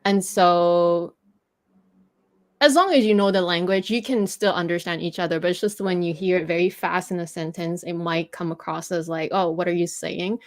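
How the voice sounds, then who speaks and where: A woman's voice: fairly low pitch, fairly even intonation, normal speed. Patient French-Canadian woman teaching. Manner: patient, explaining with many fillers. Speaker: host teaching French pronunciation. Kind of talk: casual livestream chat.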